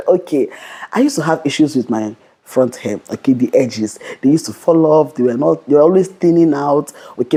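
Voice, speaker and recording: A young adult woman vlogger giving a fast, bold motivational Christian talk to camera, often repeating "okay". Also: a bass voice, warm tone, slightly rough.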